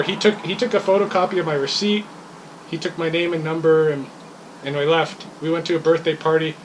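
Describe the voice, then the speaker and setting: A woman with a low voice and fairly even intonation talks a little fast, telling a meandering story about a customer complaint that grows heated, with laughter breaking through when she's frustrated. Noise can be heard in the background.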